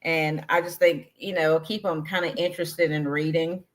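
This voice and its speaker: A woman's voice: low voice, little pitch movement, moderate pace. A woman co-hosting a live online sale, chatting casually about books with fillers.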